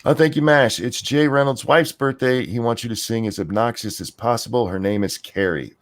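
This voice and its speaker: A man's voice: medium pitch, fairly quick. An older man hosting a casual live-stream chat, sick with a chest cold and struggling to talk. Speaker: podcast host.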